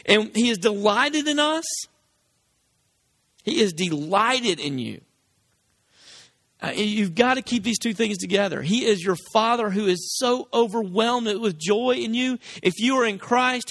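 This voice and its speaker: High-voiced man preaching a lively sermon. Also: vocal fry, no echo. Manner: animated storytelling, acting out voices with big pitch swings.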